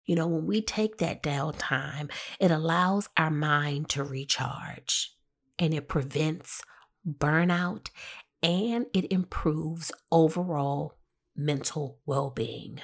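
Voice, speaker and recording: A woman hosting a solo podcast, talking through her topic in a measured, explanatory way with a husky voice. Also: deep voice. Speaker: podcast host.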